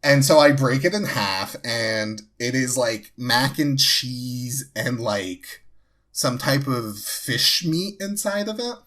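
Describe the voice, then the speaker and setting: A man's voice: medium pitch, expressive, slow, a bit bright. A young man from New Jersey, a podcast co-host, telling a story casually, with many fillers and restarts. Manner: rambling, full of fillers and restarts.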